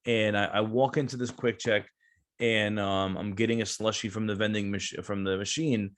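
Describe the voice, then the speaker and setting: A man's voice: fairly low pitch, little pitch movement, moderate pace. A man around thirty, a veteran business owner, telling a long casual story as a guest, with lots of fillers and restarts. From New Jersey.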